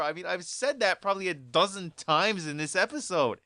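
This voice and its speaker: A vlogger telling a story as an exasperated rant, repeating points and bursting into loud outbursts. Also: medium pitch, lively intonation, normal speed, no room sound, studio quality.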